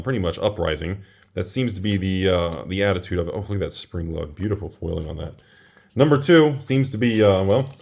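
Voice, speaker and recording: A man hosting a casual trading card box-opening video, chatty and prone to loud exclamations. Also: fairly low pitch, slight background noise.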